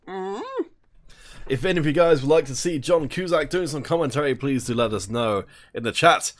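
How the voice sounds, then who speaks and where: A man's voice: medium pitch, animated, moderate pace, fairly bright tone. Chatty man casting an esports stream. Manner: chatty, jokey, talks while eating. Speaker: esports caster. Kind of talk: solo esports play-by-play commentary.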